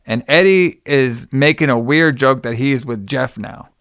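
A man's voice: medium pitch, moderate pace, a bit bright, no echo, studio quality. A young man casually recapping a film's plot, rambling with lots of "like" and "you know.". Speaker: podcast co-host recapping a film. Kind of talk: casual chat.

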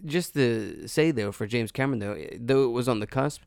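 A man's voice: medium pitch, normal speed, creaky, darkish tone, clean tone, no room sound, studio quality. A man hosting a podcast in casual chat, rambling and searching for his words. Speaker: podcast host. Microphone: studio mic.

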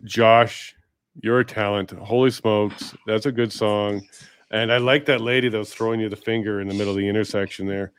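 A man's voice: fairly low pitch, fairly even intonation, moderate pace, smooth. A man hosting a podcast interview, enthusiastic and effusive, often laughing. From Canada. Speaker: podcast host. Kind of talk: casual interview chat.

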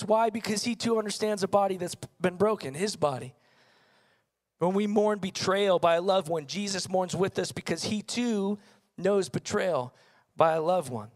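Young male pastor with a light, high-pitched voice and earnest storytelling delivery. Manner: earnest storytelling, rhetorical questions. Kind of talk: sermon.

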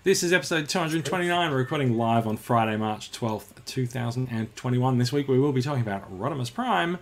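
A man's voice: mid-range voice, expressive, a little fast, a little hiss or hum. A man with an Australian accent hosting a podcast in an upbeat, casual chat full of fillers. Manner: chatty and upbeat, with many fillers. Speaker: podcast host.

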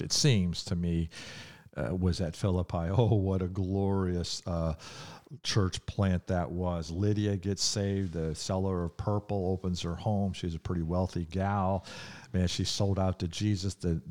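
An older man preaching a podcast sermon in a very deep, low voice. He tells the story in a folksy, conversational way. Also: a little mellow. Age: 60s or 70s.

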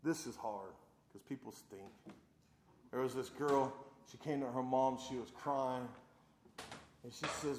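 A man in his thirties preaching a sermon, emphatic and folksy, swinging from loud declarations to hushed talk, in a roomy echoing hall. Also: medium pitch, lively intonation, measured pace, a little hiss or hum.

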